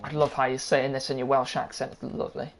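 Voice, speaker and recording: A woman hosting a live online race league, talking in a brisk, chatty way and sorting out the starting grid. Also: very deep voice, level tone, a little hiss or hum. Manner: brisk, chatty, easily amused. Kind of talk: live-stream race admin chat.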